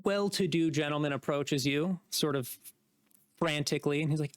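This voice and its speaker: A man's voice: a little high, normal speed, no echo, clean studio sound. A man running a tabletop game as dungeon master, narrating casually with fillers.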